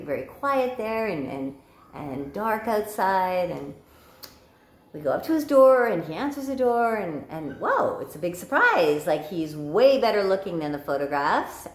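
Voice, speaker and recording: A woman's voice: fairly low pitch, big pitch swings, a little slow. A woman sex coach telling a story casually to camera, chatty with many fillers and repeated words. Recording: echoey room.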